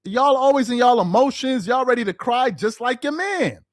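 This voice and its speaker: Worked-up guy going off about basketball fans, high voice jumping all over, dead dry room, aave slang. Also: expressive, moderate pace, no echo. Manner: heated, mocking, repetitive rhetorical questions. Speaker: sports commentary host. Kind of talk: casual ranting commentary.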